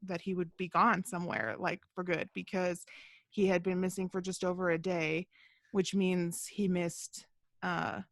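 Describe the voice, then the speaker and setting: A woman's voice: lowish voice, little pitch movement, measured pace, vocal fry. A young woman co-hosting a podcast, chatting casually over a video call, with many fillers and frequent laughs. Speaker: podcast co-host. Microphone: video call mic.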